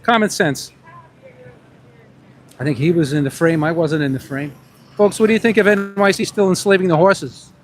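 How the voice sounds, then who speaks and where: A man in a put-on New York accent runs a confrontational street interview outdoors. His voice sits fairly high, and he needles strangers with leading questions, then mutters asides to his tripod camera. A faint street hum runs behind him. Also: normal speed, long pauses.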